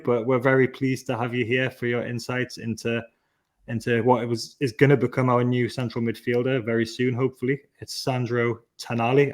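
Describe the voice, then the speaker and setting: A man hosting a podcast in a friendly, joking, upbeat way, introducing and questioning a guest. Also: medium pitch. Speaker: podcast host.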